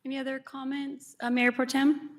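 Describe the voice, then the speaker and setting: A woman chairing a city council meeting, calling for comments and votes in brisk, formal procedural phrasing. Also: sits high, flat delivery.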